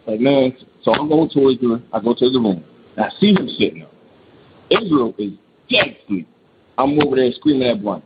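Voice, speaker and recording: Man, mid pitch, rambling spoken story, dull lo-fi sound, noisy. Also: animated, quick pace. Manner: rambling, restarts often, slangy. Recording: dull lo-fi recording with clear noise.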